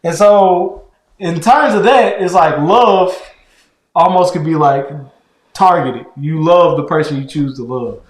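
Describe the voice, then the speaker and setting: Loud-voiced man, casual marriage talk. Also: on the high side, unhurried, roomy sound. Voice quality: naturally loud voice. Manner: conversational, loose and animated, keeps checking in with "right?". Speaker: podcast co-host with his wife.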